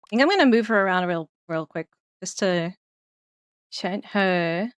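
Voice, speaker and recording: A woman's voice: on the low side, expressive, unhurried, clean tone, no echo, studio quality. A woman casually commenting while playing a game on stream, chatty and laughing often, trailing off as she thinks.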